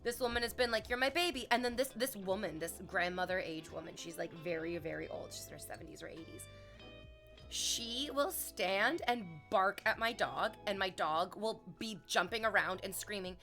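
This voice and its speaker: A young woman chats casually on a live stream, telling a story to her viewers. Her voice is bright and forward, and she slips into playful exaggerated voices when she quotes people. Faint music plays behind her. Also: mid-range voice, lively intonation, normal speed. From Canada.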